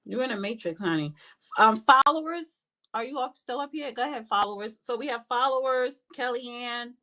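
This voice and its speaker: A woman's voice: fairly high pitch, normal speed, sharp tone. Blunt, profane woman hosting a live chat. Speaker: host of a live audio room. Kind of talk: casual heated political talk.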